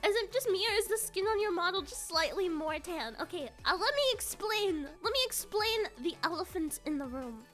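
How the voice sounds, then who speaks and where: A woman live streamer with a very high, bright, sharp voice, chatting in a casual and excitable way. She giggles often and repeats her lines. Faint music plays behind her. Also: a little fast, few pauses. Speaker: live streamer with an avatar model.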